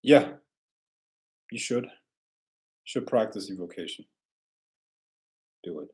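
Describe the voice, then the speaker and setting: A man's voice: fairly low pitch, takes it slowly. A man rambling casually through viewer questions. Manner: relaxed, rambling, with frequent restarts. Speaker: host answering viewer questions. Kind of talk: casual livestream Q&A.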